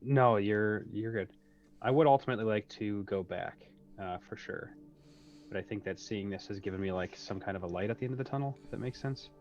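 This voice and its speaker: A man's voice: fairly low pitch, fairly quick, a little mellow, muffled recording. A man playing a tabletop game, hesitant and thinking aloud with many fillers. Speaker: player. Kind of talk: tabletop role-play chat.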